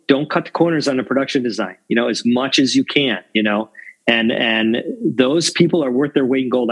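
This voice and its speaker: Husky-voiced guy rambling about lighting, lots of "you know", restarts all over. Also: medium pitch, poor audio. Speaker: cinematographer guest. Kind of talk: casual interview conversation.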